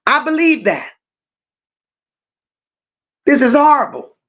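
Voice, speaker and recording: A woman streams true-crime commentary in a high, slightly bright voice that swings widely in pitch. She confronts and rants with strong emphasis on key words, pausing at times to thank viewers in the chat.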